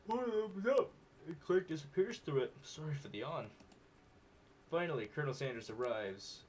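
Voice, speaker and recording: A man reading a dating sim's narration aloud with animated, joking reactions. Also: medium pitch, normal speed, a little hiss or hum. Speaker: gaming video creator.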